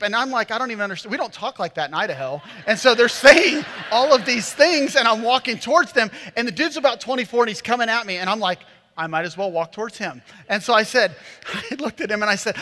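Pastor, man, 30s, high bright tenor, sermon storyteller, hammy self-mockery, big reverberant hall. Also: fast. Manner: animated, self-mocking storyteller who acts out voices. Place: church auditorium. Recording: long reverb of a large hall.

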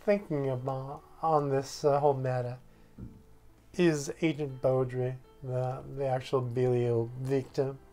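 A man playing a tabletop game, hesitant and halting. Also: mid-range voice, level tone, mellow, soft background music. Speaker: player. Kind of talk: casual tabletop game chat.

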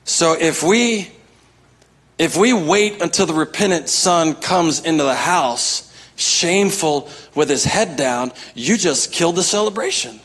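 A man's voice: fairly high pitch, lively intonation, a little slow, fairly bright tone, slightly rough. A man preaching a sermon as pastor, emphatic, repeating his key phrases and calling out to the congregation.

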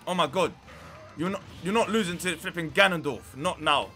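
A young man commentating his own online matches, swinging from muttered grumbles to sudden shouts. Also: a little high, normal speed, soft background music. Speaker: gaming YouTuber. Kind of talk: live gameplay commentary.

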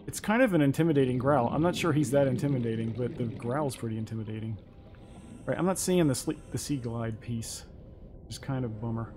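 Male streamer, mid-pitch, chatty and musing while playing, light hiss on the track. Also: brisk. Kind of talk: casual let's-play chat.

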